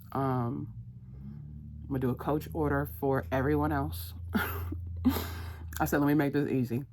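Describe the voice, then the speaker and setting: A chatty woman talks through her day in a relaxed vlog, laughing often. Her voice sits low for a woman. She teases her dog in a playful, scolding way. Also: a little hiss or hum. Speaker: vlogger. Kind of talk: casual vlog chat.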